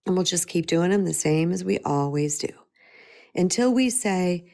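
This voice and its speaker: A woman's voice: on the low side, animated, moderate pace, gravelly, darkish tone. A middle-aged woman speaking as a spiritual empowerment coach, earnest and emphatic, often repeating her key phrases. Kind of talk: motivational talk.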